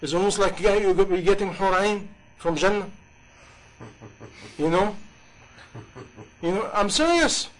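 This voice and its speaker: Man preaching, high-pitched voice, impassioned, rhetorical questions, English. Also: expressive, unhurried, long pauses, fairly bright tone, low-quality recording. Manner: impassioned, rhetorical questions, non-native grammar. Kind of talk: sermon.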